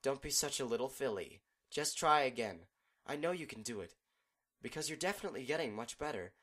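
A man voicing a gentle, teasing female pony princess in a fan audiobook reading. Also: mid-range voice, lively intonation, a little fast, voice pushed up. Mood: encouraging.

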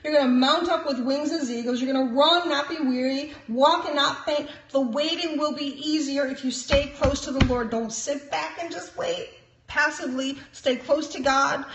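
High-voiced woman preaching in an echoey room. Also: a bit bright, highs cut off, slight background noise. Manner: emphatic preaching with frequent "praise God" and chuckles. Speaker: prophet and minister. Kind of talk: sermon-style teaching. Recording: roomy echo.

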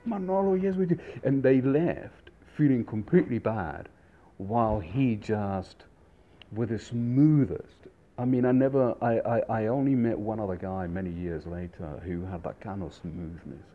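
A man's voice: fairly low pitch, phone-quality sound. A middle-aged man casually telling a rambling anecdote with many fillers and restarts. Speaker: storyteller, restaurant industry veteran.

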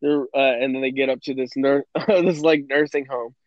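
A young man co-hosting a podcast in casual chat, telling a movie plot in an animated, profane way and acting out quotes. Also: medium pitch, moderate pace, no room sound. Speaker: podcast co-host. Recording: dry, dull lo-fi podcast audio.

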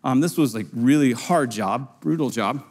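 A man, a pastor, preaching a sermon in a conversational way and playing out the people in his story with quick voices. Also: a little mellow, breathy edge. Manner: conversational, acts out quoted voices with sudden high pitch jumps.

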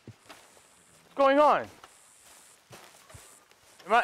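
High-voiced hoarse excitable man. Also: moderate pace. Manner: excitable, swears often, talks to his horse. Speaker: gaming video host. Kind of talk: casual let's-play commentary.

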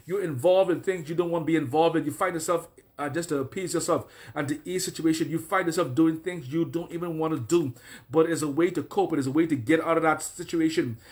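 A man with a somewhat high-pitched voice preaches a deliverance sermon. He runs through long lists in repeated phrases and breaks into forceful commanding prayers. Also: quick pace. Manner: repetitive, declaring and commanding prayers. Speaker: prophet.

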